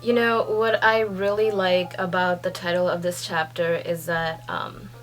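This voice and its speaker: A young woman reading a manga chapter aloud and reacting with gushing excitement, swearing and laughing often. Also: on the low side, a little slow, faint music behind. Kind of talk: excited read-along reaction.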